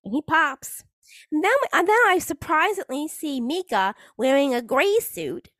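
Woman vlogger, chatty and rambling, higher voice, very animated pitch, dry close sound. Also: a little slow, dry recording. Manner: chatty, rambling, self-mocking. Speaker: hockey fan vlogger. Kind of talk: casual chat.

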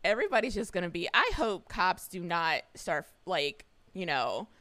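Excitable bright-voiced woman on a video call. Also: fairly low pitch, moderate pace, dry recording. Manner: excitable storyteller, laughs often. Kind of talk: casual chat.

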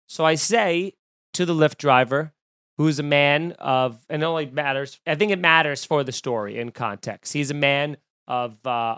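A man's voice: fairly high pitch, clear, resonant tone, dry recording, studio quality. Exasperated man telling a comic story. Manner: animated, exasperated, lots of fillers and restarts. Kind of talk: casual comedic storytelling.

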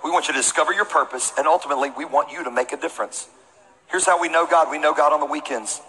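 A man preaching a sermon in a church, telling a comic story with animated energy and shouting the punchlines. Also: a little high, quick pace, in a large hall, rough recording. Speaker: pastor. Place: church auditorium with congregation.

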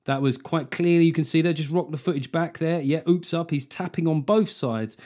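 Animated, sweary podcast host. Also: male voice, a little high, fairly quick. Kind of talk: comedic podcast chat.

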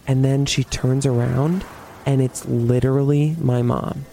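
A young man telling a story in casual talk, animated, with lots of swearing and "like". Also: mid-range voice, unhurried, creaky, a little hiss or hum. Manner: animated, swears a lot, heavy use of "like".

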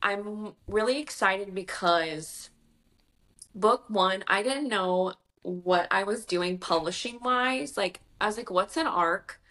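A woman's voice: medium pitch, takes it slowly, fairly bright tone. A woman, a debut author chatting casually in an interview and retelling conversations with quoted voices.

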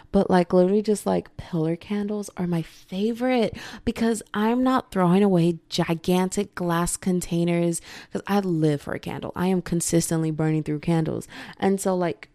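A young woman hosting a solo podcast, chatting casually in an animated, slangy way. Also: medium pitch, no echo. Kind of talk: casual chat.

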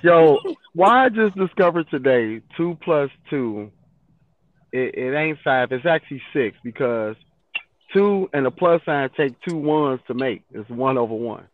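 A man co-hosting a casual podcast who cracks jokes with a drawn-out delivery. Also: medium pitch, expressive, narrow, tinny audio. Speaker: podcast co-host.

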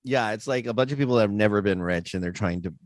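A man's voice: fairly low pitch, quick pace, no echo, clean studio sound. A man in casual movie chat who swears freely and drops into jokey put-on voices.

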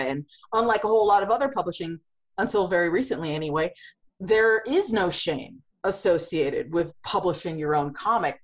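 A woman who runs a comics publishing company, answering in an interview with vivid analogies and frequent restarts. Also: on the low side.

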